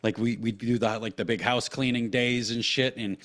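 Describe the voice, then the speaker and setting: A man in his thirties co-hosting a podcast, talking casually and swearing a lot as he tells rambling, animated stories. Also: mid-range voice, moderate pace. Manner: profane, rambling, animated storytelling. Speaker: podcast co-host. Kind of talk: casual chat.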